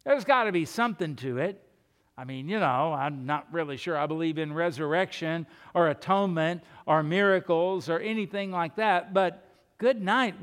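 High-voiced pastor preaching emphatically. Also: male voice, a bit bright, long reverb tail. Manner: emphatic preaching with rhetorical questions. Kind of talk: sermon.

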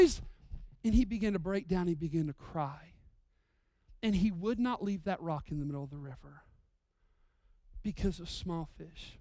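A man in his thirties preaching a sermon as a pastor, swinging between loud, drawn-out lines and hushed, intimate storytelling. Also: high voice, lively intonation, dry recording, studio quality.

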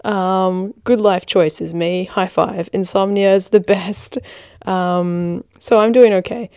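A woman's voice: medium pitch, fairly even intonation, slow, warm tone, smooth, dry recording, clean studio sound. A tired woman in her twenties with a hybrid American-Australian accent, hosting a casual podcast, giggly and self-deprecating, recorded in a bedroom blanket fort. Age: 20s. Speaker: podcast host.

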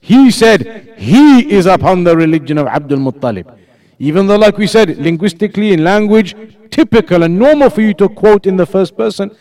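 High-voiced man teaching a religious class. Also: sing-song, moderate pace, darkish tone. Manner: explanatory, repeats key points, asks the class questions. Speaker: Islamic teacher. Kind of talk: religious lesson to students.

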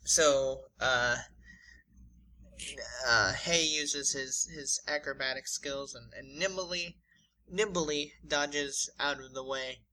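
Man, podcast co-host, slow unhurried delivery, very bright tone, halting with lots of fillers. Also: mid-range voice, poor audio. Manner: halting, many fillers and restarts. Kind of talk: casual chat narrating a fight scenario.

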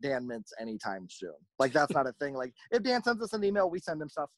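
A fast, rambling male talker who slips into little impressions of the people he's quoting. His voice sits a bit high for a man, and the sound is dry and close, with no room around it. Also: no echo. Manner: rambling, animated, acts out quoted voices. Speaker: podcast host, merch company owner. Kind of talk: casual chat.

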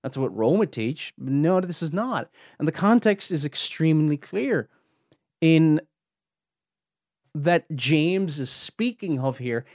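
A man's voice: a little high, big pitch swings, takes it slowly, dry recording, studio quality. A man hosting a podcast, teaching on theology in an earnest, emphatic way that climbs sharply when he presses a point. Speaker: podcast host and Bible teacher.

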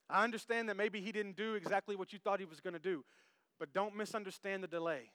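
A man preaching a sermon to his congregation, animated and jokey, who talks straight to the crowd. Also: sits high, fast talker, no echo, studio quality. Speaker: pastor. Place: church service.

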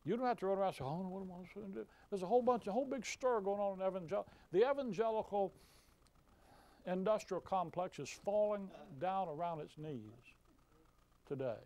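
A man's voice: sits high, brisk, mellow. A man preaching a fiery sermon, folksy and emphatic, with mocking asides.

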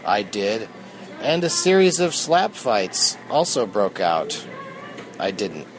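A man's voice: fairly low pitch, very animated, takes it slowly, soft background music. A man hosting a casual solo podcast from an airport terminal, talking in a dry, offhand, joking way while sitting in a massage chair. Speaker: podcast host. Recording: noisy airport background. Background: airport ambience.

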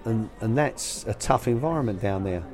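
An older man, formerly a youth academy manager, answers interview questions with colloquial anecdotes about coaching young players, acting out the voices he quotes. His voice is on the low side with lively intonation at a moderate pace, and a crowd can be heard behind him.

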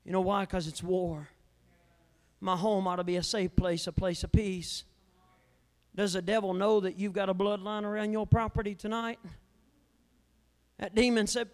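A male evangelist preaching a fiery revival sermon in a church, swinging between loud declarations and hushed asides. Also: high-pitched, normal speed, gravelly. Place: church sanctuary. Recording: long church hall reverb.

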